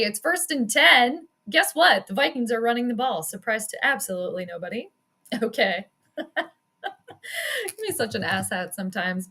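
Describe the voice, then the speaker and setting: Woman, upper-middle pitch, bright and forceful, chatty live-stream sports commentator. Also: gravelly. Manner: chatty, quick reactions, frequent laughs and self-deprecating asides.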